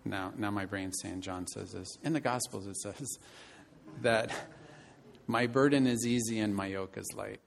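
Man, 50s, pastor, sermon, earnest storytelling, loud then hushed, lowish voice. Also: steady tone, measured pace, vocal fry, a little hiss or hum.

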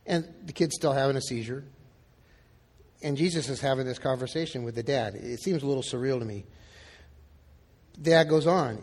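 A man's voice: mid-range voice, moderate pace, pauses often, a little mellow, big-room sound. A male pastor preaching a sermon in a casual, conversational way, acting out the quoted lines. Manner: conversational, acts out quotes in dialogue.

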